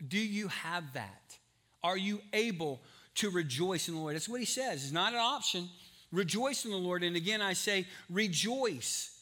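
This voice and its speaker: A man preaching a sermon as pastor, asking the congregation questions and building from quiet teaching to excited emphasis. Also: a little high. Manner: sings a hymn softly.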